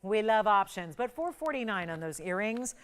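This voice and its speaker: A middle-aged woman hosting a live TV shopping show, giving an enthusiastic, emphatic sales pitch in a studio. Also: big pitch swings, normal speed, a bit bright, clean tone. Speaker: shopping channel host.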